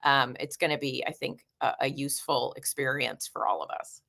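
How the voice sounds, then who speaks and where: Bright-voiced woman hosting a chatty livestream. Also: a bass voice, fairly even intonation, normal speed, gravelly. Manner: chatty, reads viewer comments aloud. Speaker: livestream host. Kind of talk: casual livestream chat.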